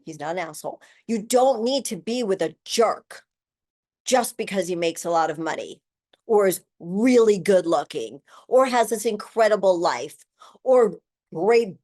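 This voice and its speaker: A woman's voice: mid-range voice, a little mellow. Candid, emotional woman in her sixties. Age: 60s. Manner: candid, emotional, swears freely; speeds up and slows down for emphasis. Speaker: podcast host. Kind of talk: personal monologue.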